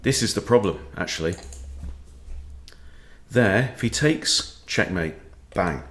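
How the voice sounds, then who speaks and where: This chess coach speaks slowly in a somewhat low, slightly bright voice with lively intonation while commenting live on his own moves. His thinking aloud is loose and playful, broken up by joking asides between analysis.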